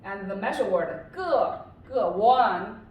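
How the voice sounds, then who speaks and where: A woman's voice: medium pitch, animated, takes it slowly, lo-fi sound. A woman teaching a beginner Chinese class, patiently repeating words and checking understanding with "right?". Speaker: Chinese language tutor. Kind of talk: classroom lesson. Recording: roomy echo from far off with faint noise.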